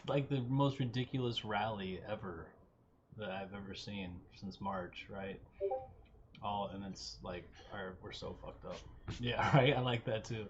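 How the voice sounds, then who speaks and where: A man's voice: on the low side, unhurried. A middle-aged man chatting loosely on a live trading stream. His swearing comes out offhand, and he often drops into mumbled asides. The audio is a little dull, with a faint hiss behind it. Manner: profane, offhand, mumbles under his breath. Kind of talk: casual live-stream chat.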